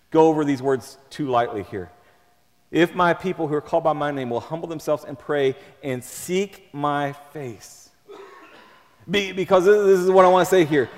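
A man preaching a sermon as pastor, impassioned, often repeating and restarting words, swinging from soft to loud. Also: fairly high pitch, big-room sound.

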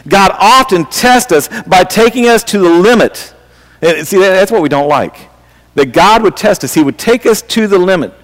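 A man's voice: high-pitched, expressive, normal speed, fairly bright tone, big-room sound, poor audio. A man preaching a sermon in a conversational way, often restarting his sentences and asking his listeners questions. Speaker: pastor.

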